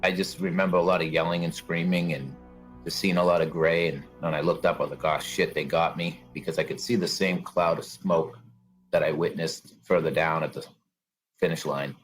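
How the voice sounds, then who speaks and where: A man's voice: low voice, level tone, normal speed, soft background music. A man telling his own story as an interview guest, in plain conversational storytelling. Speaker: guest, bombing survivor. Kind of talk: personal account in an interview.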